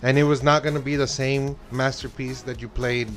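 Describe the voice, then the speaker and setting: A man's voice: medium pitch, level tone, moderate pace, fairly bright tone, soft background music. A man from El Paso co-hosting a pop-culture podcast in casual chat, rambling with frequent restarts. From El Paso, Texas. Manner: rambling, frequent restarts, quotes voices playfully. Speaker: podcast co-host.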